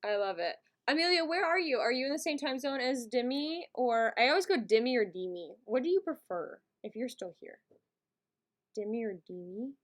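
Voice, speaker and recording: A woman's voice: sits high, animated, fairly quick, hardly any pauses. A woman hosting a live stream, chatting casually and giggly with her viewers from a home setup. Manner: chatty and giggly, talks to chat.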